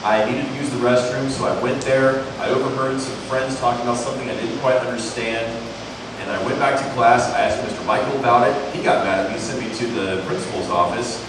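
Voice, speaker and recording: A man's voice: medium pitch, fairly even intonation, a little fast, background noise, lightly acted. A man voicing a confused young schoolgirl in a skit, in his own plain voice, recorded far off in an echoey room. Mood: earnest.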